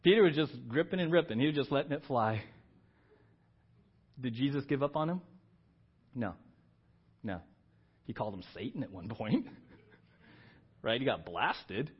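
A middle-aged man preaching a sermon as pastor, lively and building to emphatic outbursts. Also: mid-range voice, moderate pace, long pauses, slightly rough. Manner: animated, rising to emphatic exclamations. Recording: dull lo-fi sermon audio.

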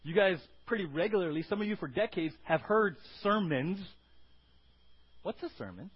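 Male pastor, high husky voice, lively preaching to a congregation. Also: moderate pace, lo-fi sound. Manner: animated preaching, asks the congregation questions. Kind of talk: sermon. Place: church sanctuary.

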